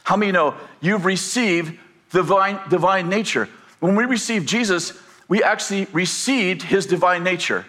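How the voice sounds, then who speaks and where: Older guy preaching, kinda high voice, rambly folksy story then big emphatic declarations. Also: normal speed, fairly bright tone. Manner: folksy, rambling storyteller with many fillers and restarts. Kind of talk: sermon with personal storytelling.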